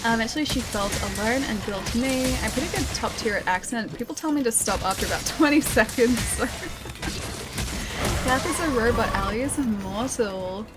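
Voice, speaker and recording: Streamer: young woman, slightly high voice, chatty and giggly, game music loud underneath. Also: moderate pace. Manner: chatty, laughs often, reads viewer comments aloud. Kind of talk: casual live-stream chat.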